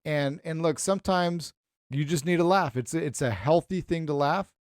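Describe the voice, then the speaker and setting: A man's voice: on the high side, moderate pace, no echo, clean studio sound. A man co-hosting a podcast in casual chat, laying out firm opinions emphatically. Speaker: podcast co-host.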